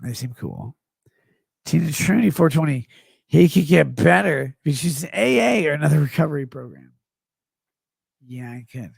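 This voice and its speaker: A middle-aged man livestreaming, reading chat comments aloud in a slurred, rambling way that swings between mumbles and loud outbursts. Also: medium pitch, no room sound, studio quality. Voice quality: gravelly. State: drunk.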